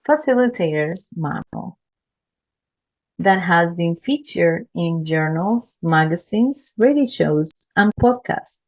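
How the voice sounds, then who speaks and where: The audio is dull, and the podcast host's voice sits on the low side. Conducting an interview with formal introductions, she speaks earnestly and pays her guest compliments.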